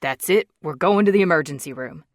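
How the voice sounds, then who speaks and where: A woman reading an audiobook, voicing a protective wealthy young man who talks in a steady, firm way. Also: brisk, no room sound, studio quality. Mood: determined. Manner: steady, low-key, firm. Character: protective rich young man, calm and determined.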